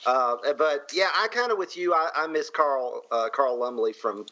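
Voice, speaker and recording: A man's voice: medium pitch, expressive, normal speed, pushed and bright. Chatty, laughing podcast man. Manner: chatty, laughs between points. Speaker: podcast co-host. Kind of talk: casual panel chat. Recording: slightly muffled sound.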